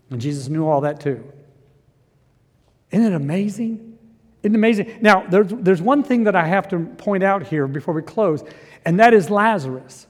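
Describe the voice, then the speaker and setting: A man's voice: sits high, normal speed, long reverb tail. A man preaching a sermon as pastor, reading scripture and building to impassioned, emphatic passages. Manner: preaches with rising intensity, quotes scripture.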